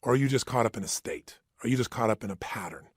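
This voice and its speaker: A man's voice: medium pitch, quick pace, slightly rough, dry recording, clean studio sound. A man giving an emphatic motivational talk, acting out the voices in people's heads. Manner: emphatic, acts out inner voices. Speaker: motivational speaker.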